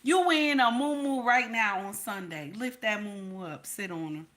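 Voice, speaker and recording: A woman's voice: medium pitch, normal speed, fairly bright tone. A woman hosting a live stream, giving blunt, preachy advice and repeating herself for emphasis while talking to her chat. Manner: talks to her chat and reads names. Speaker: livestream host advising women.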